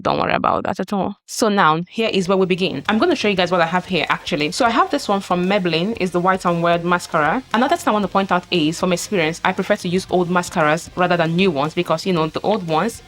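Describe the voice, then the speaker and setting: Chatty woman giving a makeup tutorial. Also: lowish voice. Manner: chatty, apologetic, talks while working. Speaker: beauty vlogger. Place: home, filming herself at a mirror.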